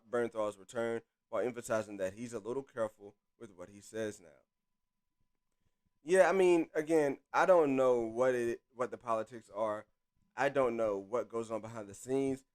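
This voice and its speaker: Casual man hosting a live stream. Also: mid-range voice. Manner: chatty, reads articles aloud with asides.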